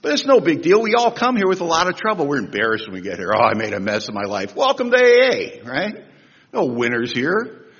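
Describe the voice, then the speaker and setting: A husky man in his sixties speaking at a recovery convention, telling humorous, animated stories with big swings in pitch and loudness. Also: brisk. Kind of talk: storytelling talk at a recovery convention. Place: large convention hall. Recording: echoey hall, dull lo-fi sound.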